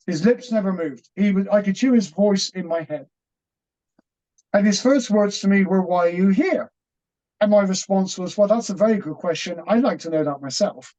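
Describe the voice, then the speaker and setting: A middle-aged man, earnest and halting, telling a personal story as an interview guest with many restarts. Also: high voice, a little mellow. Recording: dull, muffled audio.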